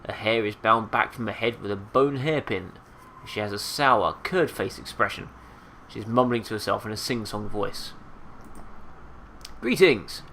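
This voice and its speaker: A man's voice: lowish voice, normal speed, pushed and bright, slight background noise. A man with a stuffed-up nose, hosting a let's play, reading the game text aloud with casual asides. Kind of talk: game narration and commentary.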